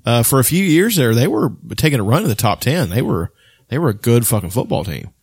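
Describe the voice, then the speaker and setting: A man co-hosting a podcast in casual chat, animated and swearing a lot. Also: medium pitch, fairly quick, husky, dry recording, studio quality. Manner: animated, profane, rambling. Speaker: podcast co-host.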